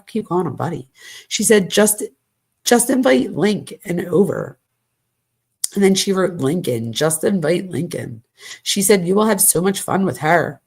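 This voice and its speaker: A woman's voice: fairly low pitch, gravelly, a little mellow, slightly rough. A woman commentator reading text messages aloud, breaking in with exasperated asides. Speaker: true crime commentator.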